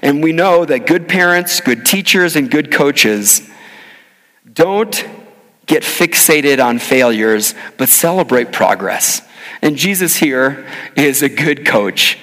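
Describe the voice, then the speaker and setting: A man delivers a sermon in an earnest, animated way, weaving a personal story into the text. His voice sits a little high for a man. A long reverb from the hall trails after his words. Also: slow. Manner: earnest, animated preaching with telling stories. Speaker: pastor.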